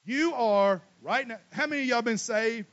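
A high-pitched man preaches a sermon in a folksy, animated way, booming on one line and dropping low on the next. The recording sounds dull and muffled. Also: moderate pace. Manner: animated preaching, swings from loud emphatic to quiet asides; folksy, casual Southern US speech. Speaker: pastor.

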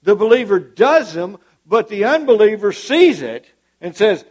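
A man's voice: sits high, very animated, unhurried, a little mellow, highs cut off. A man preaching a sermon to a church congregation, fervent and emphatic, repeating his points for weight.

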